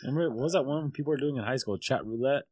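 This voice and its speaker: A man's voice: medium pitch, racing, darkish tone, dry recording, studio quality. A man hosting a podcast with a sore throat, telling crude jokes and stories in casual chat. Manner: crude, jokey storytelling. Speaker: podcast host.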